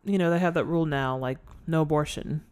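A woman's voice: low-pitched, fast. A woman co-hosting a podcast, chatting casually about a movie and acting out lines from it. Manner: animated, acts out quotes, laughs often. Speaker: podcast co-host. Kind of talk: casual chat recapping a movie.

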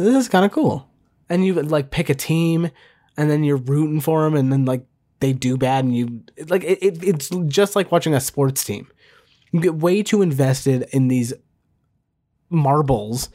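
A man hosting a casual solo podcast, rambling with many fillers and restarts, self-deprecating and talking fast. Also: medium pitch, darkish tone. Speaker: podcast host.

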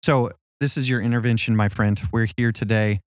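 A man's voice: medium pitch, fairly even intonation, fairly quick, no room sound, studio quality. A man who is a senior adult pastor, co-hosting a casual church podcast and joking and teasing with fillers.

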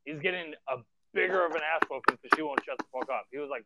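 A man's voice: on the high side, fast, gravelly, bright, forceful tone. A man who wrestles for a living telling stories in a casual podcast chat, blunt and profane, ranting with energy. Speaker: professional wrestler guest. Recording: dull lo-fi sound, dry.

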